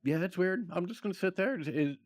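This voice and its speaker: A man's voice: sits high, expressive, brisk, darkish tone, dry recording. A man playing a tabletop role-playing game, easygoing, asking questions about the scene. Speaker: player. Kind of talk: casual tabletop play.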